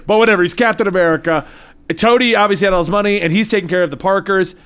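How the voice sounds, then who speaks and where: A man's voice: sits high, very fast, a bit bright, clean tone. A man co-hosting a casual podcast, joking around and steering the topic along. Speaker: podcast co-host. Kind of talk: casual comic-book chat.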